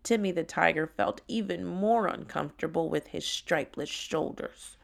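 A woman narrating a children's story in a gentle, unhurried way. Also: lowish voice, creaky.

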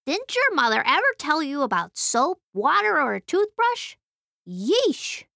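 A woman's voice: sits high, sing-song, measured pace, vocal fry, sharp tone, dry recording, clean studio sound, voice pushed up, exaggerated voice. Woman doing a sassy scolding little bird. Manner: scolding, brash.

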